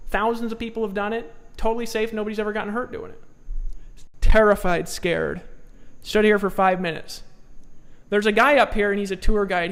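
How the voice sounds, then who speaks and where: Gravelly man giving a motivational sales pitch. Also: in a large hall. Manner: pushy, swings from hushed to loud exhortation; repeats short commands. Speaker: sales trainer. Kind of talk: motivational seminar speech.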